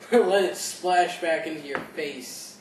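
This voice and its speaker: A man's voice: fairly high pitch, slow. A young man co-hosting a casual chat, joking, swearing and laughing often. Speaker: co-host. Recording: echoey room, distant mic, faint noise.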